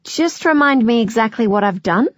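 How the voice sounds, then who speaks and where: A woman's voice: a little high, animated, normal speed, dry recording, clean studio sound, natural voice. Woman voicing a flustered young woman. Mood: defensive. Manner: flustered, self-conscious.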